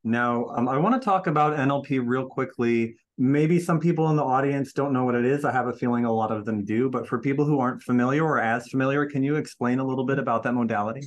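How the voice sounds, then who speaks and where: Fast-talking man podcast host. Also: medium pitch, dull audio. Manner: affirming, asks framed questions. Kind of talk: interview host.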